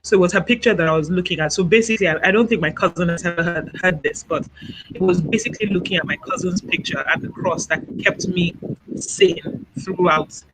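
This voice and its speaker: A woman from Nigeria, interviewed over a video call, recounts her own experience in a soft, halting way. She often stops to gather her words and leans on small fillers. Her voice is bright and slightly tense. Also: lowish voice, slight background noise, poor audio. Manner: soft-spoken, halting, reflective, many "you know" fillers. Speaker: interview guest.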